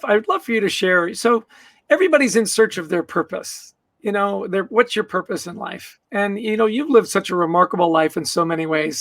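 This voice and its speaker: Excited host guy, pretty high voice, gravelly, stumbles over his words, dry mic. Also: no echo. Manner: enthusiastic, warm questions with stammered restarts. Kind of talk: conversational interview.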